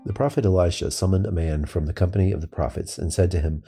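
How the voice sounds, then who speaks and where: A man reading scripture aloud in a steady, measured way. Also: low voice, breathy edge, soft background music. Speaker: scripture reader.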